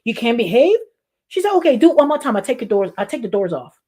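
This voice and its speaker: Woman pastor, high voice, animated repetitive preaching. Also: fast talker, slightly rough. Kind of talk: sermon.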